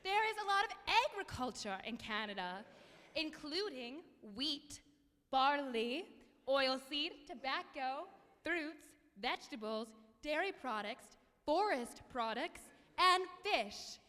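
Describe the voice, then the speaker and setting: A young woman hosts a college concert, reading out dry facts with mock seriousness. Her voice sits high and bright. It rings with the long reverb of a concert hall. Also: lively intonation, takes it slowly. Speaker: emcee at a college a cappella concert. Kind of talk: comic scripted stage banter. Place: concert hall with a live audience.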